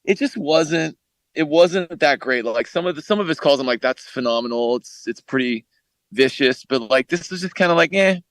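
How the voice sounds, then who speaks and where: A man's voice: a little high, expressive, normal speed, no room sound. A man co-hosting a casual podcast chat in a laid-back, teasing way. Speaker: podcast co-host.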